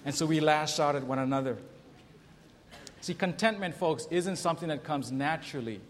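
A male pastor delivers a sermon in a somewhat high voice, speaking to his congregation and pausing to ask them questions. His words ring out with a long reverb, as if he were in a large church sanctuary. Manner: preachy, asks the congregation questions, reads scripture aloud; tells jokes in raised voices for the characters.

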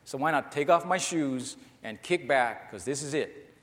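A man's voice: mid-range voice, animated, normal speed, a bit bright. A male pastor preaching a sermon to his congregation, emphatic and repetitive, pressing the listeners directly. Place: church before a congregation. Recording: long hall reverb.

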